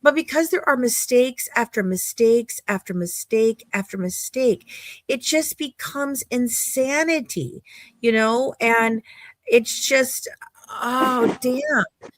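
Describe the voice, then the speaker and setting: A woman's voice: on the high side, slow, no room sound. Exasperated rambling woman host. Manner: rambling, exasperated, many restarts. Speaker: podcast co-host. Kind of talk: casual live-stream chat.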